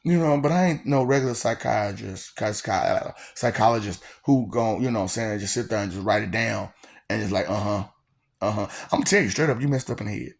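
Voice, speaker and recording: A man's voice: on the low side, a little fast, vocal fry. A man giving a rambling, mocking rant to his audience, laughing often between lines and repeating phrases. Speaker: vlogger.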